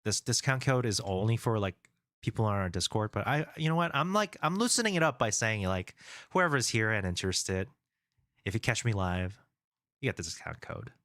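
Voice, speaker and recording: This game developer streamer's fairly low voice is sing-song and fairly bright, moving at a moderate pace. He rambles casually on stream with many fillers and restarts, reading comments from viewers, in a dry, clean studio recording.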